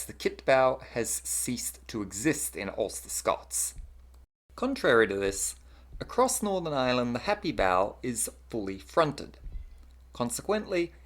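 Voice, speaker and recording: A narrator delivering a scripted lesson on accents. The pitch rises and falls in a lively way, and the reading sounds explanatory and even.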